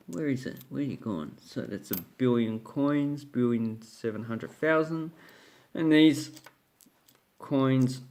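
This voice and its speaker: A man's voice: medium pitch, slow, darkish tone. A man with an Australian accent hosting a casual coin collecting video, rambling and correcting himself with fillers. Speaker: coin collecting channel host.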